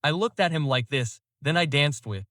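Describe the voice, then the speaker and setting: A man's voice: a little high, animated, normal speed, sharp tone, distant mic, a little hiss or hum. A man, a police officer, telling casual stories from his work, tagging lines with "man" and "you know" and laughing at his own tales. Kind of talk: casual anecdotal storytelling.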